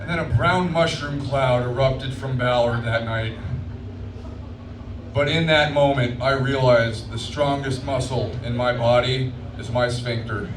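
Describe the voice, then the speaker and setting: A man's voice: medium pitch, fairly even intonation, a little slow. A man doing a crude, story-driven stand-up routine on a comedy club stage. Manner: crude, storytelling, builds to shouting. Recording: echoey club from far off with noise.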